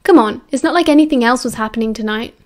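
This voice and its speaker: Woman reader voicing a playful teen schoolgirl, British, cajoling, lifted pitch. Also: fast, a little mellow, lightly acted.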